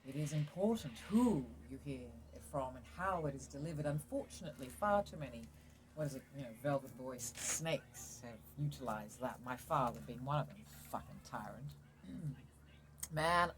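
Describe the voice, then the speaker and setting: Low-voiced British woman chatting frankly. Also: lively intonation, normal speed, low-quality recording. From England. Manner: rambling, frank, laughs often. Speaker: podcast host. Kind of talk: casual chat. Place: outdoors at home, laundry in the sun.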